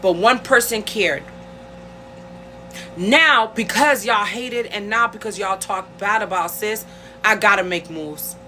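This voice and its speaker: A woman's voice: medium pitch, takes it slowly, bright, forceful tone, soft background music. A woman hosting a casual livestream from a rehab nursing home room, speaking bluntly and heatedly and talking back to her viewers. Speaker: livestream host. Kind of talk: casual livestream rant to commenters.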